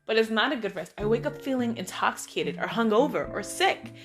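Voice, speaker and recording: Animated middle-aged woman telling stories. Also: on the high side, a little fast. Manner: animated, acts out friends' voices and lines. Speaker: vlog host. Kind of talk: casual storytelling monologue. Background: music.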